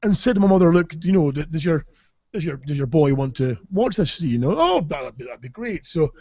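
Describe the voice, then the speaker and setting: This podcast host from Caithness, Scotland, speaks with a Scottish accent in a fairly high, sing-song voice with a darkish tone, a little fast. He tells rambling, sweary comic stories while laughing, and the audio is dull with no room sound.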